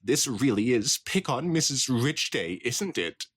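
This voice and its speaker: A man's voice: medium pitch, lively intonation, a little slow, a bit bright, husky, voice pushed up. A man voicing a snobbish, wealthy middle-aged mare pony in a dramatic fanfiction reading, in a haughty, affected way. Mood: sulky.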